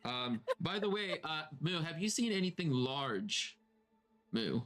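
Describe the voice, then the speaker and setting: A man voicing a bandit turned into a tiny calf in a tabletop role-play, adding "moo" to almost every phrase and stretching his words out slowly. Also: fairly high pitch, big pitch swings, a bit bright. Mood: mock polite. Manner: tacks a "moo" onto nearly every phrase.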